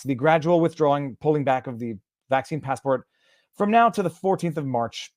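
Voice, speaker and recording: A man's voice: a little high, expressive, moderate pace, a little mellow, dry recording. Sarcastic man, dry mic. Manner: sarcastic, reads text aloud and translates on the fly. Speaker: host. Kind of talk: casual live-stream commentary.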